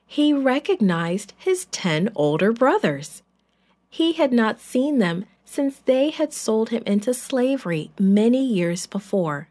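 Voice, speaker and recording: A woman narrating a children's Bible story in a gentle, clear, deliberate way. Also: medium pitch.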